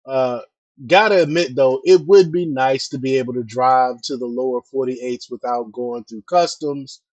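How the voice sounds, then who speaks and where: A man's voice: medium pitch, moderate pace, darkish tone, no room sound. A man hosting a casual political news commentary, talking hesitantly with fillers and chatty asides to his viewers.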